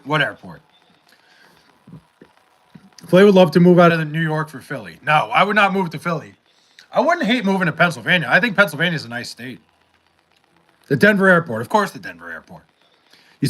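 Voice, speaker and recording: Bright-voiced young man rambling casually. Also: a little high, very animated, moderate pace, long pauses. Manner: rambling, profane, with many fillers and restarts. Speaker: livestream host reading chat. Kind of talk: casual livestream chat.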